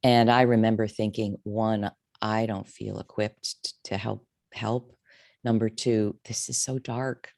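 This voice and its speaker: A woman's voice: steady tone, measured pace, vocal fry, darkish tone, dry recording, studio quality. A woman in her fifties, a career coach telling her story candidly and emotionally in an interview. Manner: candid, emotional, wide swings in pitch.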